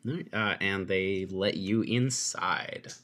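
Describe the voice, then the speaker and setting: A man narrating as game master with a dry, deadpan humor. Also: deep voice, takes it slowly.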